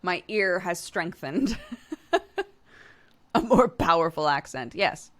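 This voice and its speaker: A woman's voice: lowish voice, lively intonation, slow. A young adult woman streamer chatting casually with her viewers, full of fillers and frequent laughter. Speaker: streamer reading chat. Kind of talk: casual chat.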